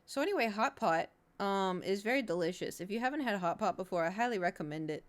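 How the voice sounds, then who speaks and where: Woman, live streamer, casual chat, rambling, self-mocking, mid-pitched. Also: expressive, fast.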